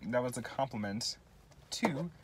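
In a husky, mid-range voice with lively intonation, a young man vlogs to his phone camera at an unhurried pace. His talk is rambling and self-deprecating, and he apologizes often as he drifts between tangents.

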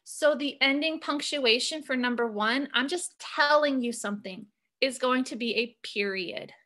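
A woman teacher walking young students through a punctuation lesson, reading sentences aloud slowly and asking prompting questions. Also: high voice, bright, forceful tone.

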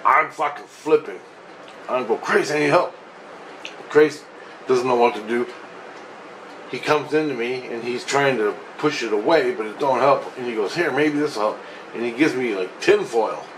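A man's voice: mid-range voice, normal speed, slight background noise, rough recording. Man telling a rambling, profane story. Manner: profane, agitated, restless retelling with frequent restarts.

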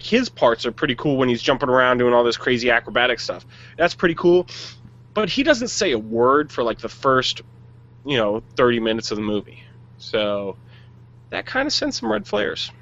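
A man's voice: mid-range voice, very animated, moderate pace, a bit bright, dull audio. A man co-hosting a podcast, chatting casually and giving blunt, jokey opinions on movies. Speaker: podcast co-host. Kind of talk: casual chat.

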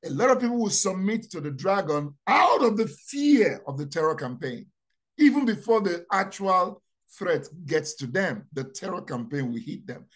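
A man preaching a sermon, repeating key phrases and asking rhetorical questions, dropping to quiet asides then rising to loud proclamations. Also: very animated, moderate pace. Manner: dramatic, swings from low asides to loud proclamations.

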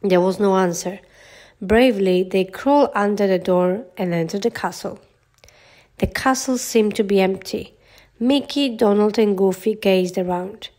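Woman, storybook narrator, gentle read-aloud, children's tale, mid pitch.

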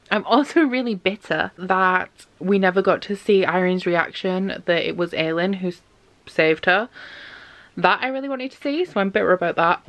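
A woman's voice: medium pitch, fairly bright tone. A young woman chatting casually in a book diary, gushing about what she reads and saying "like" a lot. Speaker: book vlogger.

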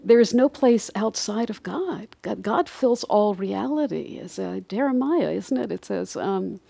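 A woman's voice: mid-range voice, expressive, a little slow, gravelly, few pauses, dark tone, husky, dry recording. A middle-aged woman, a guest on a podcast interview, speaking in an earnest, reflective way and laughing lightly now and then. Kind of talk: conversational interview.

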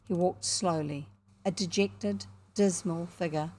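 A woman with a New Zealand accent narrating a children's book in a measured, expressive way. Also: medium pitch. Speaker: audiobook narrator. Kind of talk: storybook narration.

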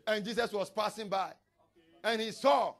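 A man's voice: high-pitched, fairly even intonation, moderate pace, fairly bright tone. A man preaching a sermon in church as pastor, reading scripture aloud and breaking into tongues.

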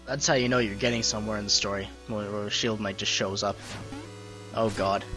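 A man's voice: on the low side, steady tone, a little fast, pushed and bright. A man giving casual, jokey, self-deprecating commentary as he plays a video game. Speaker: let's play host. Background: faint game music.

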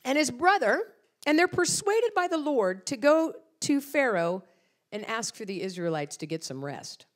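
Middle-aged female preacher, higher-pitched, expressive storyteller. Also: moderate pace. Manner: animated storytelling with acted-out quotes. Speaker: guest speaker. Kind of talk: sermon.

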